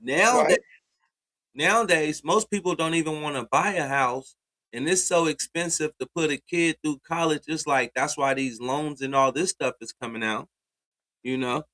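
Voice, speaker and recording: Slangy, animated man in casual chat. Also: on the high side, moderate pace, low-quality recording. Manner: loose slangy talk, animated when making a point. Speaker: co-host. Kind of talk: casual podcast discussion.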